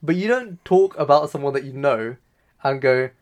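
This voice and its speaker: A man's voice: mid-range voice, animated, normal speed. A man co-hosting a talk show, casually retelling scenes and quoting dialogue loosely. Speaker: podcast co-host. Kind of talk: casual recap discussion.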